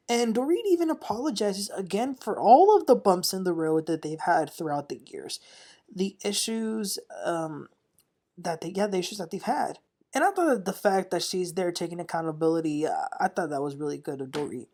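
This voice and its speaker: A woman's voice: on the low side, expressive, normal speed, warm tone. Chatty woman recapping reality TV. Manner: chatty, opinionated, laughs often while recapping. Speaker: TV recap host.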